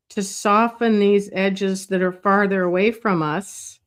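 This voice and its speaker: Slow, musing woman teaching drawing. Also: mid-range voice. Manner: slow, thinking aloud with fillers while drawing. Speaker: art teacher. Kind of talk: drawing tutorial.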